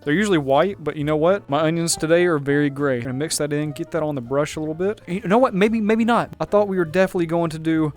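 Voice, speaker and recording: Fast, jokey male gaming host. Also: a little high, faint music behind. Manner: upbeat, jokey and chatty. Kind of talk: casual gameplay commentary.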